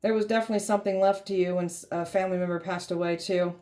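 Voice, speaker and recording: Blunt, sassy woman with a mellow voice. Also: fairly low pitch, fairly even intonation, rapid-fire, a little hiss or hum. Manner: blunt, sassy, swears freely; mocking, heated delivery. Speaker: tarot reader. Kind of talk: tarot reading monologue.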